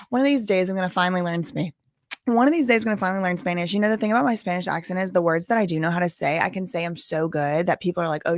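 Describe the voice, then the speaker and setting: A woman's voice: mid-range voice, no echo, clean studio sound. A woman hosting a livestream, chatting casually and rambling off on tangents. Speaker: livestream host.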